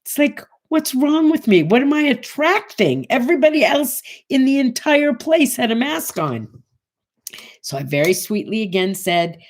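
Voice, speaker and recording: Unhurried and animated, a sixty-something female morning show host recounts a casual story in a mid-range voice, performing the voices of the characters in it.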